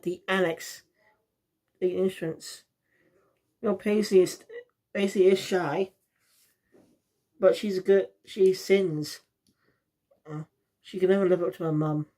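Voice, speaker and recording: A reviewer from South Wales talks at a middling pitch. The delivery is loose and rambling, often losing the thread. It feels like a casual spoken review. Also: mellow.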